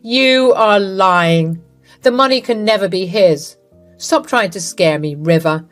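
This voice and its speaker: A woman's voice: mid-range voice, slow, faint music behind, natural voice. A woman voicing a scheming older mother-in-law, speaking in an indignant, denying way. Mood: scornful.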